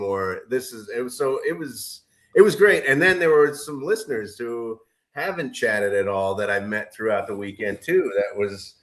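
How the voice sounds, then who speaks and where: A man's voice: medium pitch, a bit bright. A middle-aged man co-hosting a casual podcast chat, rambling with lots of fillers and restarts. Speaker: podcast co-host.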